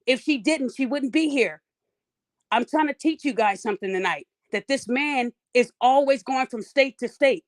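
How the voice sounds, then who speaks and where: A woman's voice: high voice, normal speed. Forthright woman podcast host. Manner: soothing to the guest, blunt and lecturing to the chat. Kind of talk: hosting a live-streamed podcast.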